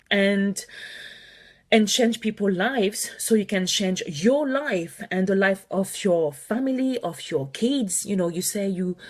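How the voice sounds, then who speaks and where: A woman with a French accent talks to a webcam or phone like a motivational coach. She sounds earnest and encouraging and chats easily, with a laugh here and there. Her pitch sits in the middle of the usual range. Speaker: online marketing coach. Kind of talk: motivational live video talk.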